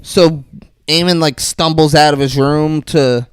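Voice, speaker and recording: A man's voice: fairly high pitch, steady tone, a little slow, clean tone, dry recording. A man co-hosting a podcast, chatting casually about a TV episode in a joking, sarcastic, profane way. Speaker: podcast co-host. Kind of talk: casual TV recap chat.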